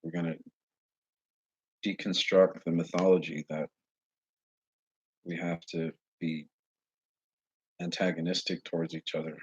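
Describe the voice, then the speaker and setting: A man talking straight to his viewers in a casual monologue, earnest and halting as he searches for words. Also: deep voice, darkish tone, breathy edge, no echo. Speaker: vlogger addressing viewers. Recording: dull lo-fi recording.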